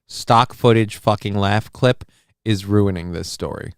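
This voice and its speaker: A man's voice: fairly low pitch, a little slow, clear, resonant tone, no echo, studio quality. A man hosting a live show, ranting with heat, sarcasm and lots of swearing as he reacts to videos. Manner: profane, heated, sarcastic. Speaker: host of a live call-in show.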